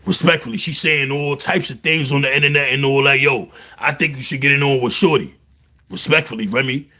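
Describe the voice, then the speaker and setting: A man with a Brooklyn accent, telling jail stories in a casual, animated monologue full of slang. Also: mid-range voice, a little fast. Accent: New York, Brooklyn. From New York. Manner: animated storytelling, heavy slang, repeats "you heard". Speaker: vlogger.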